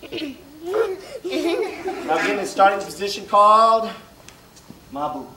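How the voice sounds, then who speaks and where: A man's voice: sits high, unhurried, noisy background. A male stand-up comedian who works the audience, giving instructor-style commands and exaggerating sing-song tones. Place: live comedy stage before an audience. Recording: echoey venue, distant mic, loud crowd.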